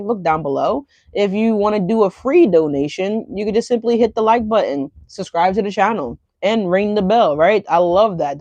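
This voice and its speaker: A woman's voice: on the low side, darkish tone, no room sound. A woman giving a casual tarot reading to her viewers, chatty and loose, often adding "right?" and "y'all". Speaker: tarot reader.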